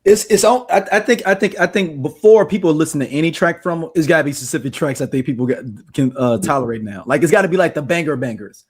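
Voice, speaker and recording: A man's voice: a little high, fast, few pauses, slightly rough. A man hosting a podcast, joking and telling stories in loose, casual chat. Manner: loose, joking, animated storytelling. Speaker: podcast host.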